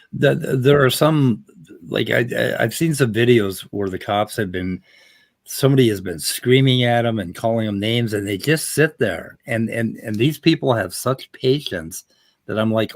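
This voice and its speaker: A man from the United States telling a story casually, animated and swearing often. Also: mid-range voice, normal speed, gravelly, dry recording. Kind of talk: casual conversation.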